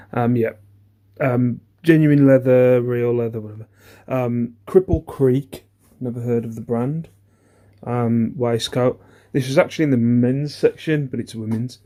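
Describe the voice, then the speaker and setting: A man's voice: medium pitch, a little slow, mellow. A man, chatting casually through an eBay reseller's haul video. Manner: chatty, rambling, self-deprecating, many ums.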